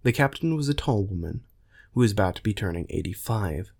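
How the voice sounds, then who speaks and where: A man narrating a science fiction story in a measured, plain way. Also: on the low side, animated, a little mellow. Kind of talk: storytelling reading.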